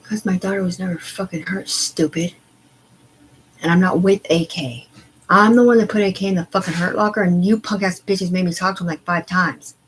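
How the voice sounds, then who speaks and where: A woman ranting on a live stream, agitated and profane, rambling in disjointed bursts that sink to quiet mumbling. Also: on the low side, brisk, slight background noise, low-quality recording. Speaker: livestreamer. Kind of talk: unscripted live stream rant.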